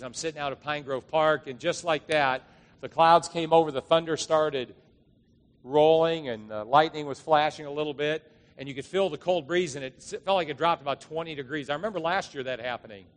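A man's slightly high voice fills a big room as he, a pastor, delivers a sermon in church. He speaks conversationally to his congregation, telling stories and rising emphatically.

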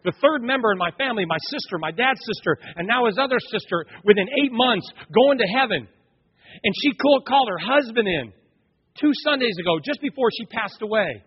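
Male pastor with a high, husky voice, preaching with big swings between hushed and shouted; dull, echoing church sound. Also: brisk. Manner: animated, swings from quiet storytelling to loud exhortation. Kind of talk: sermon. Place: church sanctuary. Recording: dull sound, long hall reverb.

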